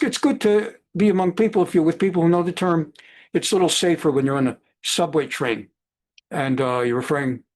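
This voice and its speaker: Man, rabbi lecturing on bible over video call, digressive, fairly high voice. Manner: digressive, animated, sprinkles Hebrew terms. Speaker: rabbi teaching a Bible class.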